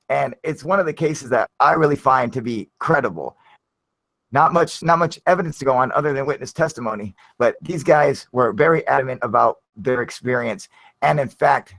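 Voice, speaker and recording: A man's voice: mid-range voice, no echo. A man hosting a live stream, telling a story casually in a rambling way, full of fillers and the odd curse word. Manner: rambling, filler-heavy, animated retelling with casual swearing. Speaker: channel host.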